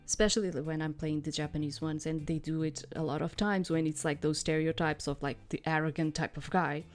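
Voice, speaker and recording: A woman with a slightly low voice talks casually over a game, wandering through long explanations and leaning on fillers. Faint game music plays underneath her chatter. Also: a little mellow. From outside the United States. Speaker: game streamer. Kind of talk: casual let's-play commentary.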